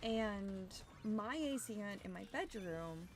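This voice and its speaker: A young adult woman streamer chatting casually while gaming, rambling with fillers and sounding a little hoarse as her voice recovers. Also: medium pitch, a little slow. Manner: animated greetings to chat. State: slightly hoarse from overuse, recovering.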